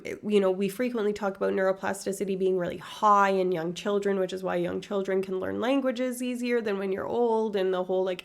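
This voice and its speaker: A woman's voice: medium pitch, gravelly. A woman live-streaming, talking casually about neuroscience with lots of ums and some swearing. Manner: chatty and swears freely, with frequent ums.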